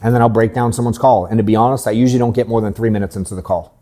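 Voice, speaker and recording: A man's voice: on the low side, steady tone, racing, mellow. Blunt, swearing male sales coach. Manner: blunt, candid, swears casually. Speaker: sales coach hosting a workshop. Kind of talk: casual workshop talk. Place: office workshop room.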